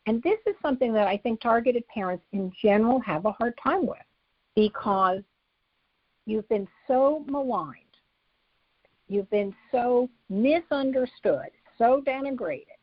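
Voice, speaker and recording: Woman, psychologist guest, husky breathy voice, calm instructive manner, acts out sample phrases, dull lo-fi recording. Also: on the high side, unhurried, no echo. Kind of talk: explaining advice in an interview. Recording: slightly dull, dry lo-fi recording.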